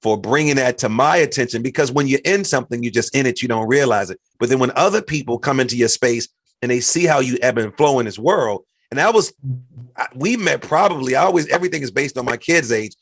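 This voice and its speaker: Casting: middle-aged American man, podcast host, mid-pitched voice, dry close recording, animated storyteller. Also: fast talker, breathy edge, dry recording. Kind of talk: casual conversation.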